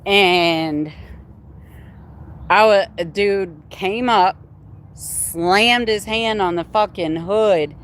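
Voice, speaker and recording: A woman's voice: medium pitch, extremely slow, pauses often, a little hiss or hum. A young adult woman hosting a livestream, telling a candid personal story in casual, heavily profane talk. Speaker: livestream host.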